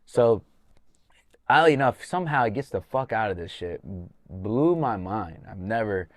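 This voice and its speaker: Lower-voiced man telling fight stories. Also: normal speed, no echo, clean studio sound. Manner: animated storyteller, swears freely, acts out corner talk. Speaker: podcast host and MMA coach. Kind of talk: casual podcast chat.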